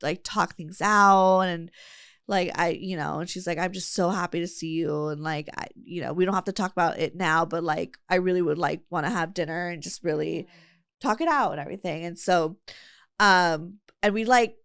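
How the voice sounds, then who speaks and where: This podcast host speaks at normal speed in a smooth, fairly low voice. She tells a long, casual story, leaning on fillers and quoting her friends.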